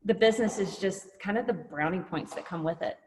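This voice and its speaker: A woman's voice: medium pitch, a little fast, a little hiss or hum. Woman, mid-range voice, reflective and a bit hesitant; reverberant room sound. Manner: earnest, reflective, lightly hesitant. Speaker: meeting participant. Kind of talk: casual sharing on a group call.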